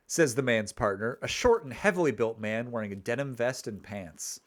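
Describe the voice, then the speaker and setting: A man's voice: medium pitch, lively intonation, normal speed. A man streaming his own text game, reading its narration aloud and chatting playfully, rambling with restarts.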